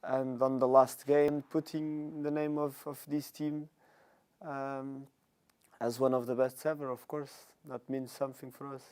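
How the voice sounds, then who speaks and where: A man's voice: mid-range voice, little pitch movement, measured pace, darkish tone, clear, resonant tone. A man whose first language is Portuguese, a footballer answering interview questions thoughtfully, restarting phrases as he goes. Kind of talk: post-signing interview.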